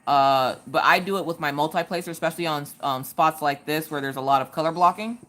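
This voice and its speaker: A woman's voice: deep voice, a little fast, fairly bright tone. A woman who is a mother, chatting casually on a live stream while crafting, reading viewer messages aloud and answering with stories.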